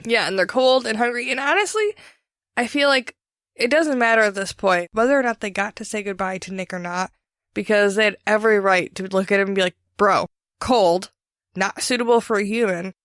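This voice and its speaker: A woman co-hosting a casual podcast about a book, blunt and profane, with quick asides. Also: medium pitch, fairly bright tone, smooth, no room sound, studio quality. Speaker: podcast co-host. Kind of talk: casual book-discussion chat.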